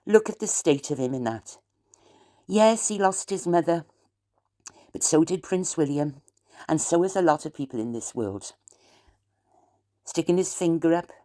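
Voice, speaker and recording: Woman, South Welsh accent, deep-pitched, chatty, meandering vlogger. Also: expressive, a little slow, long pauses, warm tone. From South Wales. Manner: chatty, wandering, aggrieved asides. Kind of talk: rambling late-night chat to camera.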